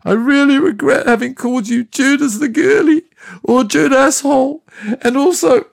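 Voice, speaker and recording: A man voicing a weeping, self-pitying drunk Jesus, a young man who sobs and wails in a high, strained voice. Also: normal speed, gravelly, exaggerated voice. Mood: tearful affection. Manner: sobbing, high and strained, wailing.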